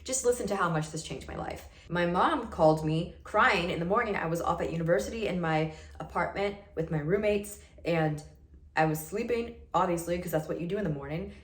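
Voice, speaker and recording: Earnest low-voiced young woman vlogging. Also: brisk, echoey room. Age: early 20s. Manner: earnest and emphatic, heavy use of "like". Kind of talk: casual personal storytelling to camera.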